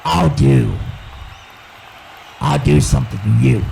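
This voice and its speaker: A man playing an angry evil clown wrestler who yells threats and swings between brooding and shouting. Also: medium pitch, slow pace, a faint crowd, a little hiss or hum, poor audio. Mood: threatening. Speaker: wrestling promo character. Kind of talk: wrestling promo. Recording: music playing clearly behind.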